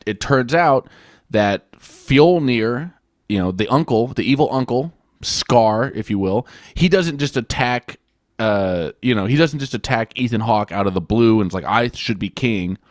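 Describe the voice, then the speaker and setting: A man's voice: mid-range voice, animated, a little slow, no room sound, studio quality. A man co-hosting a podcast, rambling casually and swearing as he retells plot scenes. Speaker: podcast co-host. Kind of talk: casual film-review chat.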